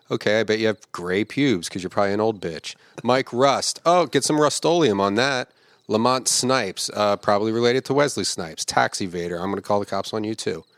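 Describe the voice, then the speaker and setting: A man with a lowish voice roasts names from film credits one after another. He drawls out each name, then rattles off crude, mocking insults full of profanity. The sound is close and dry, with no room around it. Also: no room sound. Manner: reads names slowly, then fires off jokes fast. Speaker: podcast host.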